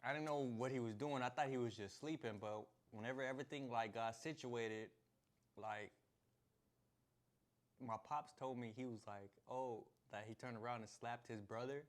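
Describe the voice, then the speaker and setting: A man's voice: medium pitch, fairly even intonation, moderate pace. A young man tells a story straight to his viewers in loose, slangy talk. He laughs often and acts out the moments as he goes. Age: young adult. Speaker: vlogger. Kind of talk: casual storytelling to camera.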